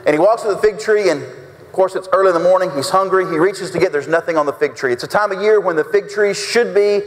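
Male pastor, high-pitched, folksy sermon, long church reverb. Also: quick pace. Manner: folksy, acts out quotes with big pitch swings. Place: church sanctuary.

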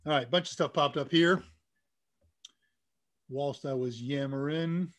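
A man's voice: on the high side, measured pace, fairly bright tone. A man with a nasal voice from the US Midwest, hosting a casual live Q&A stream and chatting keenly about tech.

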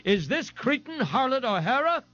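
A man's voice: extremely high pitch, very animated, moderate pace, fairly bright tone, pitched above the performer's own voice, exaggerated voice. A man voicing a pompous, indignant, huge eccentric man who bellows his outrage, on a dull lo-fi tape. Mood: outraged.

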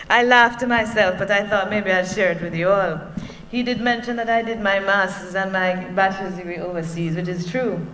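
A woman's voice: mid-range voice, steady tone, moderate pace, fairly bright tone. Jamaican woman speaking in a reverberant hall. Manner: conversational, with humorous personal asides. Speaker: workshop presenter from a bank. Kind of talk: conference speech. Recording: long hall reverb, faint hum.

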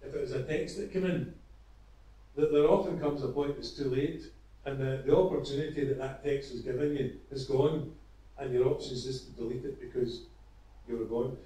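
A man preaching an evangelistic sermon, retelling a parable earnestly with halting restarts. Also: mid-range voice, steady tone, mellow. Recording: echoey, from far off.

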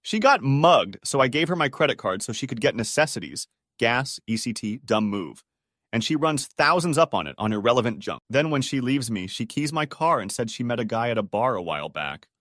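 A man reading online stories aloud as scripted narration, steady with sudden pitch jumps. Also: a little fast, no echo, clean studio sound.

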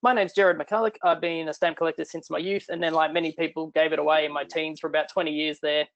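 A man's voice: on the high side, fairly even intonation, quick pace, fairly bright tone, muffled recording. A middle-aged man with an Australian accent giving a chatty, irreverent online talk from home. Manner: chatty, irreverent, self-deprecating. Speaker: guest speaker.

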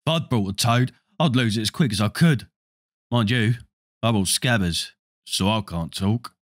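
A man's voice: lowish voice, normal speed, no room sound, clean studio sound, close to an everyday voice. A man reading aloud voices a chatty, offhand young boy wizard in a storybook. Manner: casual, offhand. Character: easygoing chatty boy wizard, a bit scornful.

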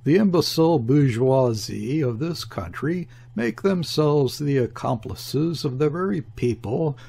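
A man reading the part of a scornful foreign diplomat who speaks with soft brutality, in a gravelly, husky voice. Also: mid-range voice, heavily acted. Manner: brutal, airy, ferocious. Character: scornful foreign diplomat, male, middle-aged. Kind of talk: audiobook character reading.

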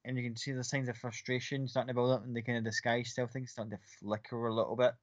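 A man running a tabletop game, narrating in a loose, rambling way full of fillers. His voice sits at a middle pitch, and the recording is dry and a little muffled. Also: flat delivery, fast, no room sound. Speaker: game master.

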